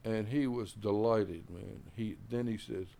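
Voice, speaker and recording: A man's voice: unhurried, vocal fry, warm tone, a little hiss or hum. An older man, a jazz musician, casually telling long stories about his early days, full of "you know" and "man", acting out the people he quotes. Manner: acts out others' quoted lines with raised pitch. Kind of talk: casual storytelling.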